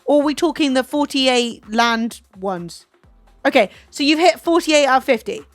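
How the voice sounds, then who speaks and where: A woman's voice: high voice, animated, normal speed, no room sound. A British woman streamer chatting casually, teasing and incredulous, swearing freely. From Britain. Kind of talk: casual chat with a guest. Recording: dry close mic, faint music behind.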